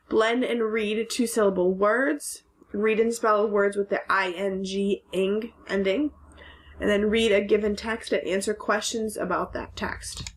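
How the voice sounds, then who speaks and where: A woman teacher giving a recorded phonics lesson to second graders, sounding out letters and syllables carefully. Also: fairly high pitch.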